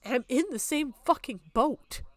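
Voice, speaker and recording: A woman's voice: high-pitched, a little slow, no room sound. A young adult woman streaming, talking in an upset, tearful way and swearing often, close to crying. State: on the verge of tears. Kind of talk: emotional livestream talk.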